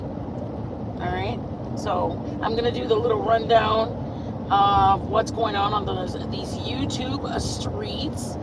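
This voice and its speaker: A woman talks into her phone from inside a moving car, with loud road noise rumbling under her voice. She rambles through a casual, sassy rundown, full of fillers and asides. Her pitch sits right in the middle for a woman. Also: slow. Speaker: streamer. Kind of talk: casual drama rundown stream.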